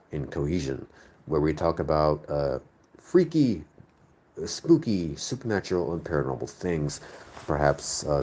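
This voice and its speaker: The host, a man from the northern United States, speaks in a bass voice with a darkish tone. In this casual live chat he reads viewer comments, rambling and thinking aloud as he looks for his words.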